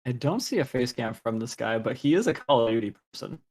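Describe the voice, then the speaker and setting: A man's voice: mid-range voice, expressive, quick pace, darkish tone. Laid-back, teasing male esports co-caster. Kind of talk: live esports stream commentary.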